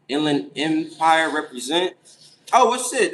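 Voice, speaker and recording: A young man hosting a casual late-night livestream, reading chat and answering with animated, incredulous, profane reactions. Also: on the high side, moderate pace, long pauses, a little hiss or hum, poor audio. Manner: animated, incredulous, swears freely. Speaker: livestream host.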